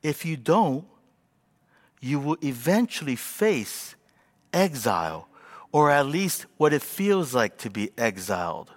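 A male pastor in his forties preaching a sermon with animated, self-mocking storytelling. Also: mid-range voice, takes it slowly. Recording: long reverb of a large hall.

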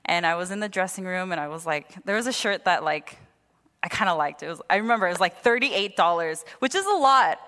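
A young woman preaching a sermon and telling a personal story in an animated way, acting out the voices of the people in it. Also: fairly low pitch, fairly quick. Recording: long hall reverb.

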